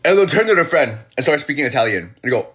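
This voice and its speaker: A man chatting casually on a phone live stream as an animated storyteller who acts out the people he quotes. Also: mid-range voice, fast, husky. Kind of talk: casual livestream chat.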